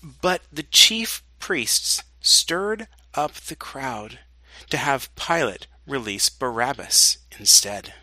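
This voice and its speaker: A pastor reading a scripture passage aloud in a slow, deliberate way. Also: male voice, medium pitch, sing-song, pushed and bright, dry recording. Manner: slow and deliberate reading, with dramatic quoted lines.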